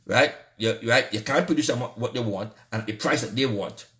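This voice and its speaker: A man with a Trinidadian accent rants about politics, voice heated and indignant. He hammers his points by repeating himself, at an ordinary middle pitch. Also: a little fast, fairly bright tone. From Trinidad and Tobago. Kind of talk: angry political rant.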